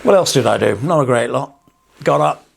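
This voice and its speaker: A man's voice: medium pitch, animated, moderate pace, vocal fry, husky. A man from England, a parson vlogging, talking in a wry, digressive way with chuckling asides. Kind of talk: casual rambling vlog monologue.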